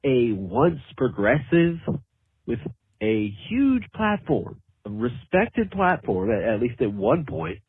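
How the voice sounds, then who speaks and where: A man leaves a critical voicemail, speaking slowly and searching for his words. His pitch moves a lot and his voice is husky. The sound is thin, like a phone line. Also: very animated, no echo. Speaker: caller.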